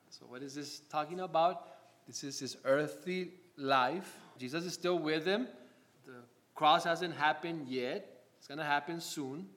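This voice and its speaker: A man preaching a sermon as a pastor, who asks his listeners rhetorical questions, adds a quick "right?" and slows down to read scripture aloud. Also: on the high side, fairly bright tone.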